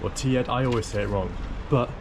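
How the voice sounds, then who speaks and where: In a casual travel vlog, a young adult man chats and rambles, poking fun at himself as he moves around a town outdoors and drives his car. His mid-range voice is fairly quick, recorded on noisy outdoor camera audio with street ambience and vehicle noise in the background.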